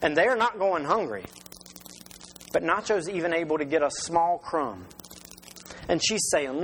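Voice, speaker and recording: A man's voice: on the high side, unhurried, long pauses, fairly bright tone, a little hiss or hum, poor audio. A man preaching a sermon as pastor in a conversational way, with rhetorical questions and restarts.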